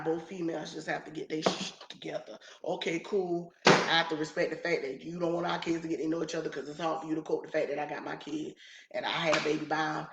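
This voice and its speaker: With a low voice and vocal fry, an adult mother on YouTube rants emphatically about online drama, going over the same points again and again. The recording has a roomy echo and a noisy background.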